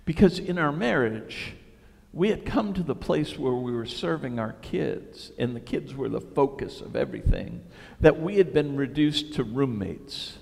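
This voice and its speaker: A middle-aged man preaching a sermon, telling stories in an animated, self-deprecating way. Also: mid-range voice, unhurried, gravelly, long reverb tail. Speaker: pastor.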